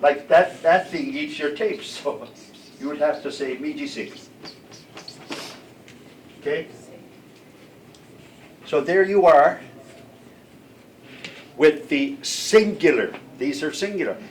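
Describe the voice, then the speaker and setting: Taking it slowly and pausing often, an older man with a fairly high voice teaches a language lesson to students in a classroom. He is patient and checks in with them, recorded from afar with faint room noise.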